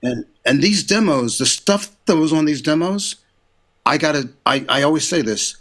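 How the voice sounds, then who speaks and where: Animated older man telling studio stories. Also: a little high, moderate pace. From United States. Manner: animated, acts out quotes in raised voice. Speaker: interview guest, recording engineer and producer. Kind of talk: storytelling in casual interview.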